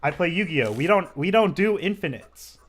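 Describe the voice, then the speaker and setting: A man's voice: fairly high pitch, animated, moderate pace, soft background music. A man commentating on a card game match, talking casually and rambling through stories with lots of filler words. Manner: rambling, filler-heavy storytelling.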